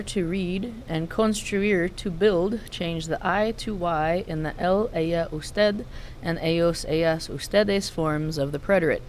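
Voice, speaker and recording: Woman, Spanish teacher; slow, deliberate recorded lesson narration, drilling each form. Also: lowish voice, slight background noise.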